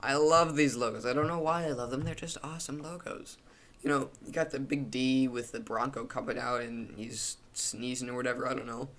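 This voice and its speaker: A man's voice: medium pitch, steady tone, a little fast, fairly bright tone. Rambling, opinionated young man. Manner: rambling, opinionated, many restarts and fillers. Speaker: YouTuber ranking logos. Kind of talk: casual commentary.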